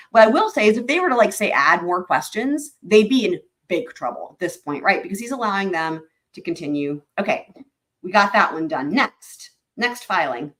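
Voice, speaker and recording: A woman hosting a livestream, reading court filings aloud and explaining them to viewers in a chatty way with many fillers. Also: fairly low pitch. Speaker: host of a legal commentary livestream.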